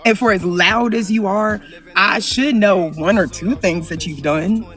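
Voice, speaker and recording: A woman vlogger giving an emphatic opinion rant, repeating lines for effect and swinging between loud and low. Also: measured pace, far from the mic, faint music behind.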